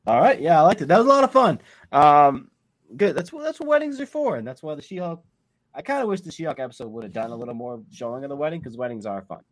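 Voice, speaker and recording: A man's voice: fairly high pitch, sing-song, fast talker, no room sound. A man with a sick voice, hosting a casual podcast chat in an upbeat, jokey way. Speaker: podcast host.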